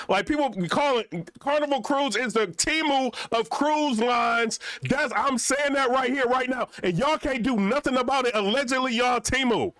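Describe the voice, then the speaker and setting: A man's voice: very high-pitched, sharp tone, dry recording, clean studio sound. A young man vlogging in a casual, rambling rant full of slang.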